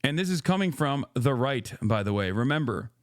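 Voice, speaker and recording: A man's voice: medium pitch, animated, moderate pace, no room sound, clean studio sound. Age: unknown. Sex: man. Role: streamer host. Style: exasperated, profane reaction-stream rant. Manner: rambling with frequent restarts.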